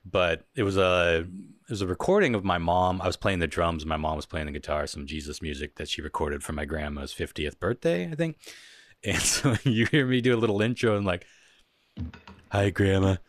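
Deep-voiced man hosting a podcast. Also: a little fast, no echo. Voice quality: very low voice. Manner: laughs often, reads listener letters aloud. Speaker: podcast host. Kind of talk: casual podcast chat.

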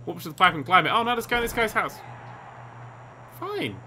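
Excitable bright-voiced gaming commentator man. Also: high-pitched, very fast, a little hiss or hum. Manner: excitable, sarcastic, swears. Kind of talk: let's play commentary.

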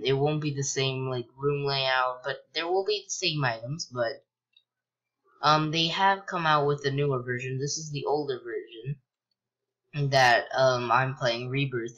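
A young man casually commentating a video game he's playing, rambling with lots of ums and likes and sudden excited yelps. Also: mid-range voice, lo-fi sound. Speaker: gameplay commentator. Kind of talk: casual let's-play commentary.

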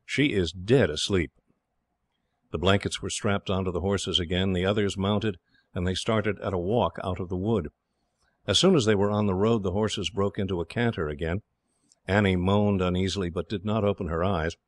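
A man reading an audiobook in steady, measured scripted narration. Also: low-pitched, no room sound.

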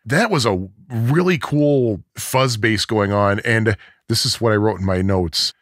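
Guy with a lowish voice co-hosting a music podcast, dry sound, hums song bits. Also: unhurried, a bit bright, no echo. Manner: sings sounds and riffs to show music. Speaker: podcast co-host. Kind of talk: casual music podcast chat.

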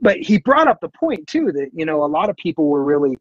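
A man's voice: fairly high pitch, sing-song, fast, husky, no echo, highs cut off. Chatty man telling a rambling story. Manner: rambling, full of fillers and restarts. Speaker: podcast guest, artist. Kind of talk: casual storytelling.

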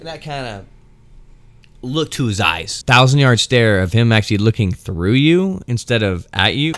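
A man's voice: mid-range voice, a bit bright. A young man and former military firefighter, telling rambling, wry stories in a casual vlog. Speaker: firefighter storyteller.

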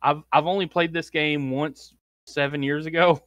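This man co-hosts a casual podcast and tells long, wandering stories, leaning on "like" and breaking into laughs. His voice sits a little high, and the sound is dry and close. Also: steady tone, normal speed, a bit bright, dry recording, lo-fi sound. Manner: rambling anecdotes, heavy use of "like", laughs often. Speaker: podcast co-host. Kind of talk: casual chat, storytelling.

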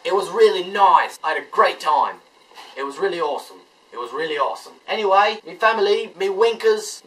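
A man voicing a crude, rowdy Englishman with a put-on British accent, loud and bouncy. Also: high voice, voice pushed up, rough recording. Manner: loud, bouncy, over-the-top.

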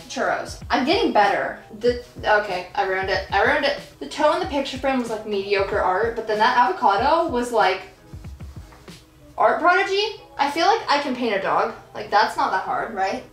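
A woman's voice: on the high side, lively intonation, a little fast, few pauses. A young woman vlogger chatting casually while she paints, rambling and giggly, filling her talk with "like". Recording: echoey room with soft background music.

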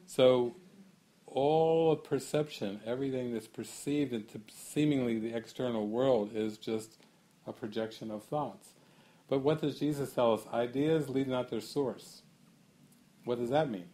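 A man giving a spiritual talk to a gathering. He muses aloud, asks questions, laughs often, and slows down on key phrases. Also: mid-range voice, mellow. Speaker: spiritual teacher.

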